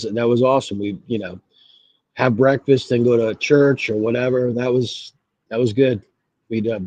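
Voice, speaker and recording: A man's voice: medium pitch, darkish tone, no echo, dull audio. A man co-hosting a podcast, talking in a laid-back, slangy way and calling his friend dude. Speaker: podcast co-host. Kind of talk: casual chat.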